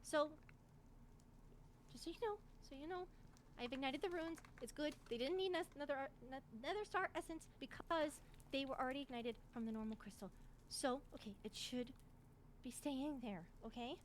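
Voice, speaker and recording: A woman's voice: high-pitched, normal speed, slight background noise. A woman improvising a healer in a roleplay, anxious and apologetic, stammering and repeating herself. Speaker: roleplay streamer playing a healer.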